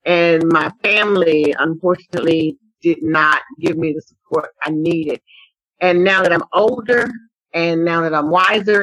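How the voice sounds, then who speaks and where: A woman from Dallas, Texas, giving personal testimony as a podcast guest, speaking earnestly in a halting way with repeated phrases. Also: deep voice, a bit bright, no room sound, rough recording. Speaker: podcast guest, survivor advocate.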